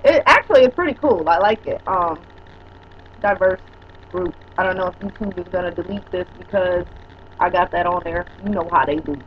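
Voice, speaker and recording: A woman's voice: lowish voice, brisk, muffled recording, slight background noise. A woman in her forties chatting casually to viewers on a webcam at home, rambling and teasing. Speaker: vlogger. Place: at home indoors.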